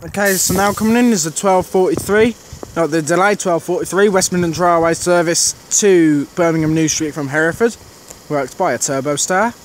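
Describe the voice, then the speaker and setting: A man's voice: a little high, normal speed. A man vlogging at a railway station, casually calling out arriving trains, services and unit numbers and correcting himself as he goes. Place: outdoors on a railway station platform. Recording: loud outdoor station noise.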